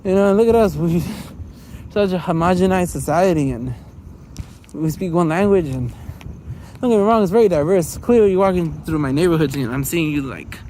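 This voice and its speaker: A man's voice: a little high, moderate pace, warm tone, a little hiss or hum. A man walking through his neighborhood, talking in a loose, rambling vlog monologue, laughing often. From Los Angeles area. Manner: chatty, laughs often, many fillers. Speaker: vlogger.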